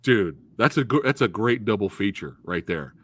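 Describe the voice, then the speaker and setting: A man hosting a casual movie review chat, excitable and slangy, calling his guest dude and bro. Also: fairly low pitch, moderate pace, husky. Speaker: host. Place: live stream, reading chat.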